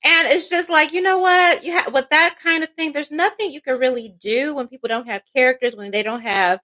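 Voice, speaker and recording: A woman tarot reader giving a blunt, profane, animated spiritual monologue in a casual way. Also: high-pitched, fairly quick.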